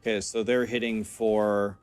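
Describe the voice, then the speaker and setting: Low-voiced man explaining game mechanics. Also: level tone, unhurried, darkish tone, clean tone. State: losing his voice. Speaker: game video narrator. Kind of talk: gameplay commentary.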